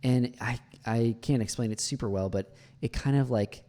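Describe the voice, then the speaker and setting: A man who teaches English, commenting on a video clip, explaining pronunciation in a relaxed way with many fillers and slow demonstrations of words. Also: mid-range voice.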